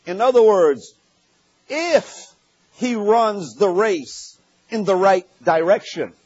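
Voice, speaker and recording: High-voiced, husky preacher man. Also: dry recording, dull audio. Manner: emphatic, repeats key phrases, builds to raised climaxes. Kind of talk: sermon.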